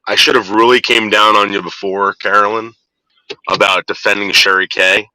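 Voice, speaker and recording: A man's voice: on the low side, little pitch movement, moderate pace, sharp tone, dry recording, rough recording. A man ranting angrily and cursing in a casual livestream chat, repeating names and stammering when worked up. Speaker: livestream co-host.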